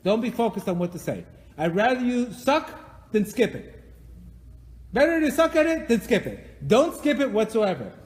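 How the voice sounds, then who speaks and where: A man's voice: sits high, very animated, moderate pace. A man leading a live religious class, emphatic and repetitive, acting out the prayers he quotes. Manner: emphatic, repeats phrases, acts out quoted prayers. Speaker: teacher leading a weekly class. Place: synagogue or class hall. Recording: long hall reverb.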